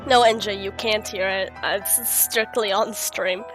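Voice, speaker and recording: A woman with a sick, rough voice chatting casually on a live stream, giggly and swearing freely. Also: medium pitch, steady tone, measured pace, over music. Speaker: streamer and player.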